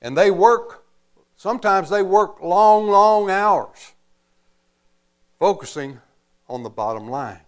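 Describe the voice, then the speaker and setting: A man preaching a sermon as pastor, slow and emphatic, pausing often and adding folksy asides. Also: high voice, lively intonation, clear, resonant tone.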